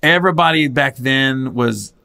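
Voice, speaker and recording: A man hosting a podcast, telling animated stories in casual chat and breaking into high laughing impressions. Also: normal speed, gravelly. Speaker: podcast host, comedian.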